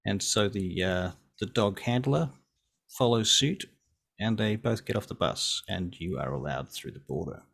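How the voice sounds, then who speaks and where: A man's voice: fairly low pitch, expressive, normal speed, vocal fry, fairly bright tone, husky. A man, running a tabletop game as game master in a casual, playful way. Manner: casual, playful, with filler words.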